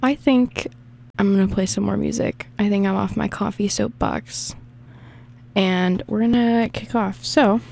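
A woman's voice: mid-range voice, vocal fry, darkish tone. A young woman from the American South with a Southern accent, chatting casually and rambling between songs as a radio DJ. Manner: rambling, chatty, self-deprecating.

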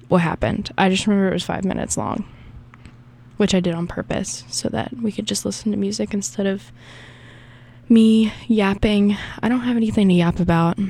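A woman's voice: medium pitch, a little mellow. Chatty Southern woman radio DJ. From American South. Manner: rambling, chatty, self-deprecating. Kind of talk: casual radio DJ chat between songs.

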